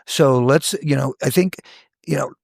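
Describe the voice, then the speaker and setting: A man in his sixties, a hair educator, telling stories from his career in a lively podcast chat, acting out the voices of people he quotes. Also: mid-range voice, a little slow, gravelly, no echo, studio quality. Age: 60s. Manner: animated storyteller, acts out quoted voices. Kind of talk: casual podcast storytelling.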